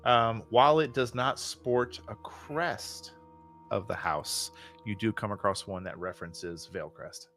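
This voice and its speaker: A man narrating a tabletop game as game master, lively and quick to laugh. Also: on the low side, faint music behind. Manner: lively, laughs often, draws out words.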